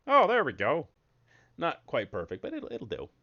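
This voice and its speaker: A man giving casual, jokey commentary while streaming a card game, breaking into sudden high excited yelps. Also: moderate pace, lo-fi sound.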